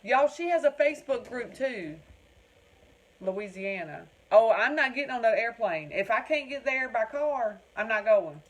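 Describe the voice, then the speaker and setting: A fairly high-pitched, animated woman speaks a little slowly while hosting a craft livestream. Originally from North Carolina and with a Southern American accent, she chats folksily and responds to viewer comments by name, captured in a low-quality recording.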